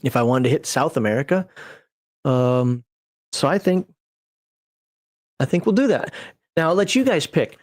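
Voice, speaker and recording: Chatty man, fairly high voice, dry. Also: no echo. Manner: rambling and digressive, chuckling at himself. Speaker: game master and channel host. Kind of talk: casual livestream chat building a character.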